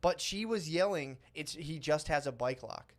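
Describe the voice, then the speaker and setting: A man's voice: fairly high pitch, expressive, moderate pace. A man in his thirties co-hosting a casual comedy podcast, rambling through a story and acting out the quotes, laughing often. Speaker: podcast co-host.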